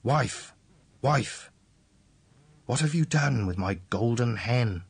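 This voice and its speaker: A man's voice: medium pitch, animated, slow pace, husky, full character voice. A man voicing a huge, bellowing, man-eating male ogre in a read-aloud fairy tale. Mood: menacing.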